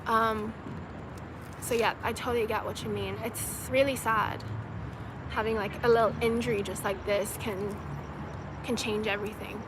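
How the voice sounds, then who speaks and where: A woman's voice: medium pitch, fairly even intonation, normal speed, pauses often, background noise. A young woman from China hosting a casual livestream outdoors, chatting loosely with lots of "like" and "you know" and laughing often. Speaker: livestream host answering viewer comments. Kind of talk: casual chat.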